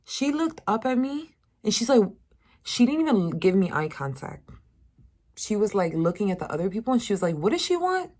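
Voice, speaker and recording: A young woman in her twenties telling a storytime rant, profane and animated, putting on higher voices for the people she quotes. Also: normal speed. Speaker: vlogger.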